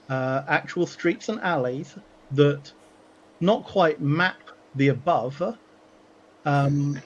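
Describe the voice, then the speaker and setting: A man narrating a tabletop game as game master, pausing often with fillers and restarts. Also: fairly high pitch, highs cut off. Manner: halting, many fillers and restarts.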